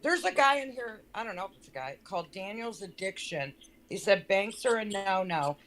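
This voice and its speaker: A woman's voice: mid-range voice, expressive, moderate pace, a bit bright. A woman joking around as a guest in a casual live-stream group chat. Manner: goofy and joking.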